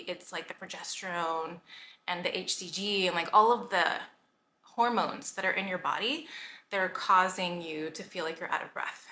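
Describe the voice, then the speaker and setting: A woman's voice: mid-range voice, sharp tone. A woman in her thirties, chatting casually in a pregnancy vlog, emotional and a bit out of breath, with many filler "like"s. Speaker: health coach and vlogger. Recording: echoey room with faint noise.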